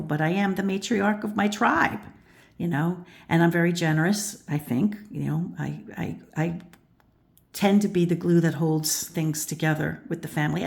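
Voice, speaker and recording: An older woman hosts a channel and gives a casual tarot reading, thoughtful and rambling, with many restarts and "you know" fillers. Her deep, darkish voice has vocal fry, and she sounds out of breath at times.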